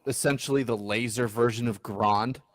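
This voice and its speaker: A man's voice: medium pitch, steady tone, normal speed, no room sound. Profane ranting man in his thirties. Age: 30s. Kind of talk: casual chat on an online call.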